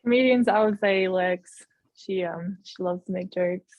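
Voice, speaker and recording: A young Australian woman who plays college basketball chats casually on a video call for an interview, laughing between phrases. Her voice is medium-pitched at a normal speed, with phone-quality sound.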